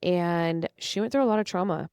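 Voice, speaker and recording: A woman's voice: lowish voice, moderate pace, darkish tone, clear, resonant tone, no echo, studio quality. A young woman, a podcast guest, telling her personal story earnestly and emotionally, acting out past conversations. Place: studio.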